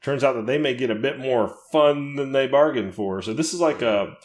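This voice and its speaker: A man's voice: medium pitch, moderate pace. A man co-hosting a horror podcast in casual chat, laughing often and reading release listings aloud. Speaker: podcast co-host.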